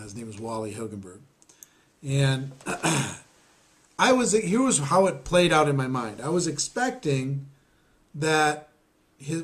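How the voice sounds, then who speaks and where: Rambling man telling a story. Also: on the high side. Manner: rambling, self-deprecating, many fillers and restarts; clears his throat often. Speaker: network marketing trainer. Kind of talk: storytelling lesson.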